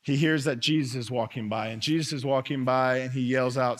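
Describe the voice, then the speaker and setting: A male pastor preaching from the front of a church, his voice sitting in a middle register. He talks earnestly, slowing down and going quiet, then lifting to loud calls. A long hall reverb trails after every line. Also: medium pitch. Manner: earnest preaching, swings between soft and loud. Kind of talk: sermon. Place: church sanctuary.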